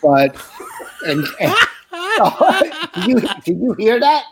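A man's voice: extremely high pitch, wildly swooping pitch, takes it slowly, a loud crowd. A middle-aged man, a comedian hosting a podcast, chatting casually and rambling through stories while laughing at his own jokes. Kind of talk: casual chat.

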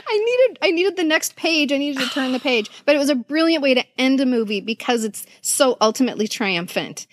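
A woman co-hosting a podcast, chatting casually and asking questions in an animated, playful way. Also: high voice, brisk, dry recording, studio quality. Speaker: podcast co-host. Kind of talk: casual chat.

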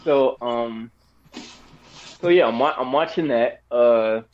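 A man co-hosting a casual podcast rambles slowly through a movie review in a medium-pitched voice, stumbling over fillers and restarts while he has the hiccups. The sound is lo-fi.

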